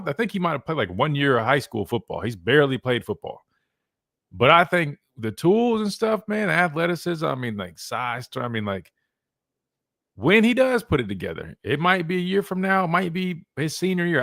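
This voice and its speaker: A man's voice: on the high side, sing-song, moderate pace, creaky, a bit bright, no room sound, studio quality. A man in his thirties hosting a sports talk radio show, rambling casually and tossing in "man" a lot. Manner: laid-back, rambling, lots of "man". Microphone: studio mic.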